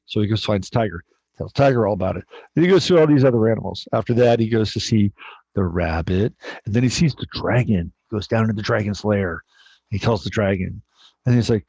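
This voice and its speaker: A man's voice: on the low side, brisk, slightly rough, no room sound. A man hosting an astrology livestream, telling a story in a rambling, casual way, swearing and often correcting himself, on a dull, dry recording.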